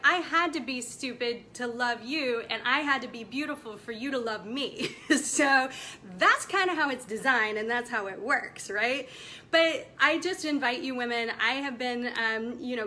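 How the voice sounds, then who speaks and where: Woman, 40s, motivational coach, bright forceful tone, slightly high, faint rumble under it. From United States. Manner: emphatic, passionate, preachy. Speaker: women's coach. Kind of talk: direct-to-camera motivational talk.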